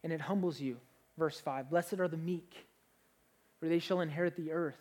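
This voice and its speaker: A young man, a pastor, preaching a sermon in an energetic, conversational way, with frequent restarts. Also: fairly high pitch, moderate pace.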